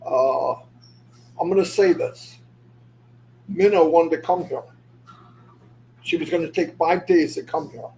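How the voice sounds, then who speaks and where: Rambling livestream host, a man with a slightly high voice who drifts between topics, faint noise behind. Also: measured pace, pauses often, mellow, rough recording. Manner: rambling, loses his thread; says "anyway" often to move on. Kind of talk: casual livestream chat.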